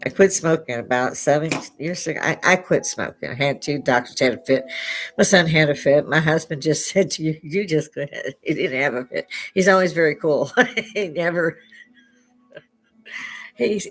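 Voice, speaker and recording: An older American woman hosting a livestream from her home bar, chatting in a rambling way and laughing often, on a headset mic. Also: sits low. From United States. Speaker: livestream host. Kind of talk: casual chat. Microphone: headphones with clip-on mic.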